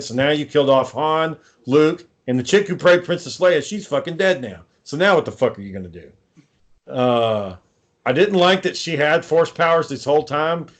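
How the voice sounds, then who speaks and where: A man co-hosting a casual podcast chat, ranting with lots of swearing and sarcasm. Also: mid-range voice. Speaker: podcast co-host.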